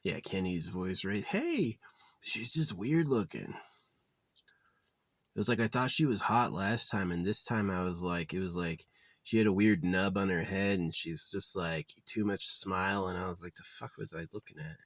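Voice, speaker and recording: A man with a very low voice rambles through a casual vlog rant, heavy on the swearing and quick to get heated. The sound is dry and close, with no room behind it. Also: fairly even intonation, no room sound. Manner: profane, rambling, gets loud and heated when ranting. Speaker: vlogger.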